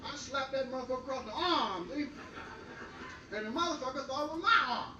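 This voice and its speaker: A man's voice: very high voice, animated, a little fast, lo-fi sound, over music. An older man doing bawdy stand-up, rambling and boastful, breaking into cackling laughs. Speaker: comedian. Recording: roomy, distant, noisy old vinyl recording.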